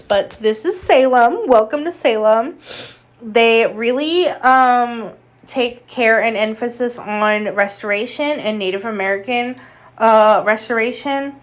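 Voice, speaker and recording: A woman narrating a casual travel vlog in a chatty, upbeat way with playful asides. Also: fairly high pitch. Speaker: vlogger.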